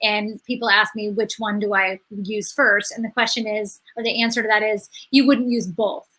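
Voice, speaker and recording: A woman's voice: medium pitch, level tone, normal speed, bright, forceful tone, poor audio. A woman explaining skincare products on a live beauty chat, in an explanatory way with many fillers. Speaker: skincare brand educator.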